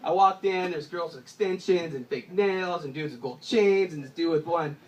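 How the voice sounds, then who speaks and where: A young man doing stand-up, telling stories in an animated way and often laughing through his lines. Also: on the high side, normal speed, rough recording. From Southern California. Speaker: stand-up comedian. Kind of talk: stand-up storytelling.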